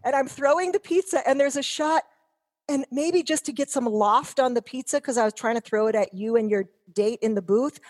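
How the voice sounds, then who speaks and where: A woman's voice: sits high, brisk, a little mellow. Rambling, self-mocking woman in her 50s. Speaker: guest. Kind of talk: casual chat.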